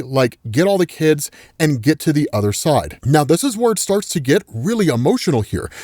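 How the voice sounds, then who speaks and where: A chatty man recaps comic book plots in a loose, conversational way, peppering his talk with "like" and "right". His voice sits fairly high and swings widely in pitch as he builds up the dramatic beats. The sound is dry and close, with no room echo. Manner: gets excited retelling big moments. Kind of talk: casual spoken comic recap.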